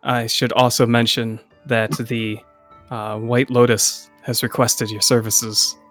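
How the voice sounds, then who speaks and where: A friendly male player who speaks in character at an average pitch and laughs often, with faint music in the background. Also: flat delivery, slow, fairly bright tone. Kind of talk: in-character role-play.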